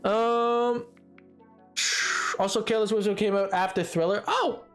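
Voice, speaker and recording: A male streamer chatting casually with his viewers while playing, quick and a little defensive in his banter. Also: high voice, fairly even intonation, soft background music. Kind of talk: casual gameplay chat reading chat.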